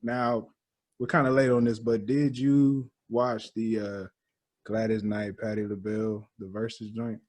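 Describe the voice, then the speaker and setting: A man in casual podcast chat, easygoing and full of slang. His voice has a husky, slightly rough edge. He tells stories with animated asides. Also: fairly low pitch, a little slow. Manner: laid-back, animated storytelling with slang. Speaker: podcast co-host.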